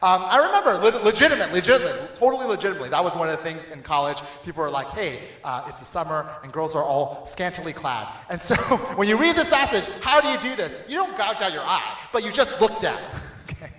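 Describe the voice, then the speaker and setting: A young adult man giving a casual youth sermon, lively and conversational, laughing often and checking in with the listeners. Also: high-pitched, fast talker, roomy sound. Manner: animated, laughing, conversational with frequent "right?" and "okay?". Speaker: youth pastor. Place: church hall.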